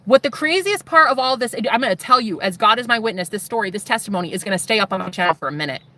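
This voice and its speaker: Intense woman vlogger with a sharp bright voice, telling her story to camera. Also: fairly high pitch, lively intonation, fast. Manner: intense, swearing, addresses viewers as guys. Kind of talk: emotional personal testimony.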